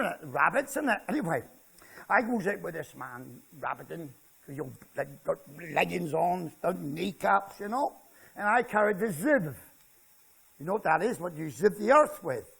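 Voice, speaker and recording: His voice is high, creaky, a bit bright and slightly rough. An older author with a Devon West Country accent, he's giving a chatty, jokey festival talk full of country stories, keeping the seated audience involved throughout.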